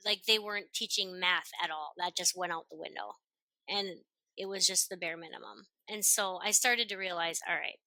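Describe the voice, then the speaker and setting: Loud woman in her 40s, super bright sharp voice, dry close sound, chatty guest. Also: mid-range voice, no room sound, low-quality recording. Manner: loud, expressive, talks fast and openly. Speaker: podcast guest. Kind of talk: casual conversation.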